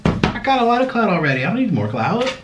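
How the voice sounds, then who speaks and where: A man chatting casually through a mukbang eating vlog, dramatic and swinging between low mumbles and excited yelps. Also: fast talker, a little hiss or hum. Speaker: mukbang vlogger.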